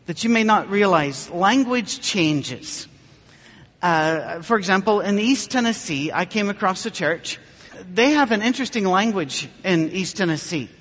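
A preacher gives a humorous sermon built on storytelling, sharing wry anecdotes and poking fun at himself with dry wit. His voice is high for a man and fairly bright, ringing with a long reverb like a large church hall.

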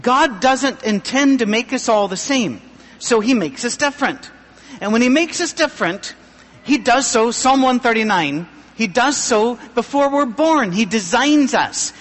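A middle-aged man pastor giving a humorous, self-deprecating sermon with a thin, high voice. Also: animated, measured pace, a bit bright, big-room sound.

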